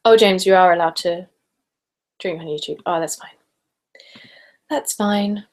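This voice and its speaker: An English woman from Essex hosts a relaxed live chat, reading out viewer questions and answering in a chatty, giggly way. Her voice now and then drops into a soft whisper. She sips wine as she goes. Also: lowish voice, a little slow. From Essex, England. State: sipping wine while talking. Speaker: ASMR creator hosting a live hangout.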